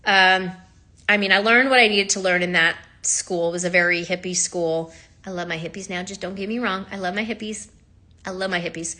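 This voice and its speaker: A woman's voice: fairly low pitch, fairly even intonation, fairly quick, sharp tone. A woman who teaches sound healing, talking candidly and with feeling, with frequent laughs and the odd swear word. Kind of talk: casual storytelling monologue.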